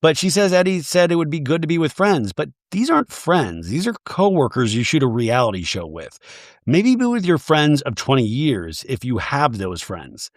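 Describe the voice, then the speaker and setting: A man's voice: fairly high pitch, sing-song, moderate pace, dry recording. Guy doing a reality tv recap, super bouncy up and down voice, rambly jokey asides, dry close sound. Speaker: podcast host.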